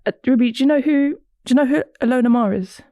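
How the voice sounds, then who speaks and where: A woman's voice: high voice, racing, dry recording. A woman hosting a rugby podcast, teasing her co-hosts and steering a casual studio conversation. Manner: lively, teasing, steers the talk.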